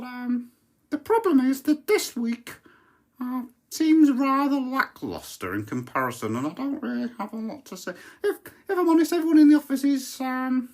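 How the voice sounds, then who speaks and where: A woman hosting a podcast, telling a comic, mock-pompous story in a deadpan way from her podcast studio. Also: mid-range voice. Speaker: podcast host. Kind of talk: comic monologue.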